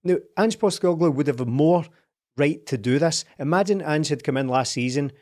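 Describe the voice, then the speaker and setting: A man's voice: fairly high pitch, normal speed, darkish tone. A man in casual football podcast chat, wry and incredulous as he tells stories. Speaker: podcast co-host.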